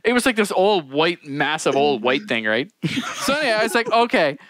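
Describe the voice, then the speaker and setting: Podcast co-host, man, lively rambling storyteller, laughs a lot, dry close mic. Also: on the high side, a little fast, dry recording. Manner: rambling, laughs through his stories. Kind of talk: casual storytelling chat.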